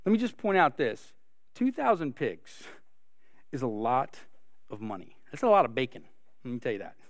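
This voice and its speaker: A man's voice: medium pitch, sing-song, moderate pace, no echo, studio quality. A man preaching a sermon, earnest and full of rhetorical questions. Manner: earnest, asks rhetorical questions, many restarts. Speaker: pastor.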